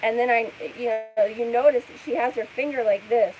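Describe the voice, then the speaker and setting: A woman's voice: fairly high pitch, fairly quick, darkish tone, a little hiss or hum, poor audio. A woman giving casual vlog commentary, skeptical and rambling, with many fillers.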